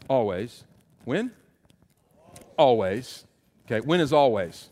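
A man's voice: mid-range voice, measured pace, long pauses. Emphatic preaching man in a reverberant hall. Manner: animated, emphatic preaching with repeated refrains. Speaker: pastor. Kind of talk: sermon.

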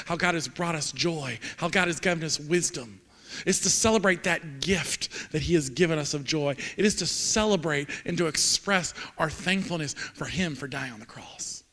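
A man in his forties preaching a sermon in a church, earnest and halting, repeating words when moved. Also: a little high, pushed and bright. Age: 40s. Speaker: pastor. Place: church sanctuary. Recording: long hall reverb.

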